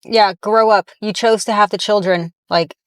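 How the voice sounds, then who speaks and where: A woman's voice: medium pitch, fairly even intonation, moderate pace, clear, resonant tone, dry recording, studio quality. Blunt, heated woman fitness commentator. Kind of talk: reaction commentary. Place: inside a parked car.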